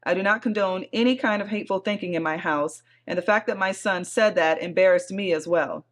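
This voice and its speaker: A woman's voice: medium pitch, a little fast. A woman co-hosting a podcast, chatting casually with frequent laughter and blunt, salty remarks, and reading forum posts aloud. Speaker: podcast co-host.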